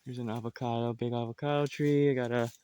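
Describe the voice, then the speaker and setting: A man's voice: medium pitch, fairly even intonation, fast talker, dark tone, slight background noise. A man giving a casual outdoor tour of his farm, talking loosely with many fillers and restarts. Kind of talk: casual walking tour narration.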